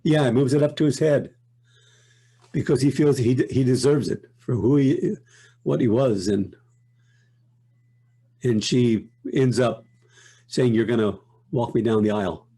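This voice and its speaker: An older man talks as a guest in a relaxed interview, his voice mellow and a little husky. He reflects unhurriedly on his work, often breaking off mid-thought and starting again. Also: medium pitch, measured pace, long pauses. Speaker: guest voice actor. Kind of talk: casual interview chat.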